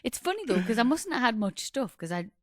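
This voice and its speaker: A woman's voice: on the high side, sing-song, fast, dry recording, studio quality. Chatty woman in her forties telling stories. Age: 40s. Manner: chatty, laughing storyteller. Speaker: podcast co-host. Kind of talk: casual podcast chat.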